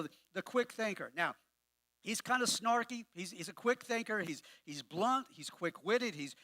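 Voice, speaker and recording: A man's voice: sits high, pushed and bright, dry recording. A man pastor preaching a sermon in a conversational way, often repeating words as he restarts, with wry humorous asides. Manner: conversational with frequent word repetitions.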